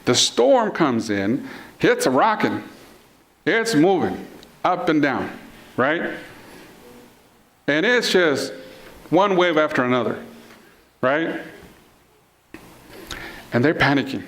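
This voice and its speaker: A man's voice: on the high side, big pitch swings, slow, pauses often. A middle-aged man preaching a sermon in a playful, conversational way, acting out the people in his stories. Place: congregation hall.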